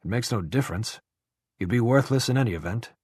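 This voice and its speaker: A man's voice: medium pitch, expressive, fairly quick, darkish tone, breathy edge, no room sound, studio quality. A man voicing a brusque older army colonel who talks in clipped, blunt commands with a dusty, throaty voice.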